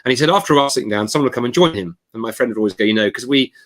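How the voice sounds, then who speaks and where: A man speaking as a guest author in an interview, telling a story in an animated, emphatic way. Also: medium pitch, racing. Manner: animated, acts out quoted voices; emphatic, expressive. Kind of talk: conversational storytelling.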